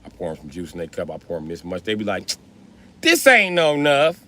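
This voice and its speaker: A man chatting casually on a livestream, telling animated, profane stories with frequent laughter. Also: low voice, rapid-fire, husky.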